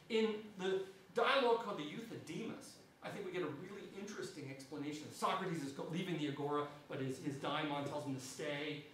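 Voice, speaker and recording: High-pitched lecturer in an echoey hall. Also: male voice, distant mic, slight background noise. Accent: New Zealand. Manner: animated, frequent "right?" tag questions. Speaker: history lecturer. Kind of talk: public lecture.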